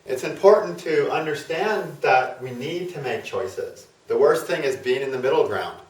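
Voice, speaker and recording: A man's voice: medium pitch, animated, normal speed, few pauses. Man lecturing in a roomy echo. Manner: conversational, acts out planets in quoted voices, says "okay?" often. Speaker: astrology teacher. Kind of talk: instructional lecture. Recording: roomy echo, mic at a distance.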